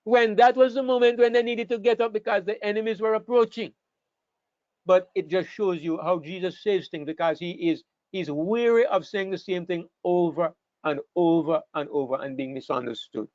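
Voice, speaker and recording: A man teaching an online Bible class, talking in an animated way and sometimes repeating words as he thinks. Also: high-pitched, moderate pace, no room sound. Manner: animated, acts out scripture quotes, repeats words while thinking. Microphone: online call microphone. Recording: dull, dry online call audio.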